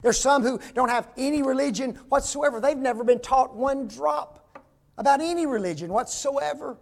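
High-voiced gravelly preacher, older man. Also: moderate pace. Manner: folksy, asks the congregation rhetorical questions. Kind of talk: sermon.

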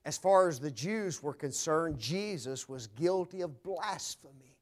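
High-pitched slow preaching man. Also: animated. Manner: dramatic, swings from loud proclaiming to hushed low tones. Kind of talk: sermon.

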